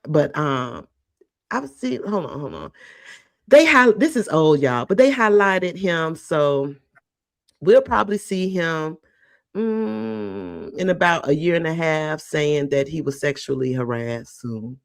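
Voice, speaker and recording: A woman host with a gravelly, creaky edge to her voice, chatting loosely about entertainment news. She rambles and talks straight to her viewers, and her voice sits dry and close. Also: low-pitched, lively intonation, slow, no room sound. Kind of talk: casual entertainment commentary.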